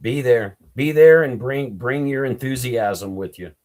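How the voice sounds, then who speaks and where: A man joins an online discussion over a video call as a guest. He speaks briefly and sounds upbeat and encouraging. His pitch is that of an ordinary man. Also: a little slow, darkish tone. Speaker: guest, commissioner candidate.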